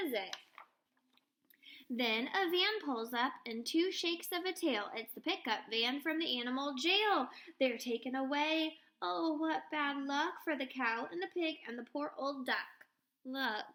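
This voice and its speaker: A woman teacher reading a picture book aloud to children, expressive and pausing to ask them questions. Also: high-pitched.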